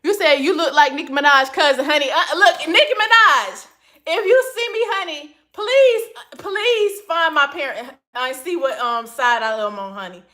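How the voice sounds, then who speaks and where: A woman's voice: high-pitched, animated, normal speed, sharp tone. A woman hosting a casual livestream from her phone, reading comments and answering in a sassy manner, calling everyone honey. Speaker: livestream host.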